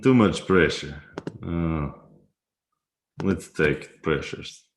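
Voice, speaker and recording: A man with an extremely deep, low voice talks casually through a live stream, laughing easily and answering viewers as he plays chess. The room around him adds a noticeable echo. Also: extremely slow. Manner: chatty, laughs often, reads viewer comments aloud. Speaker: livestream host. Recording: roomy echo.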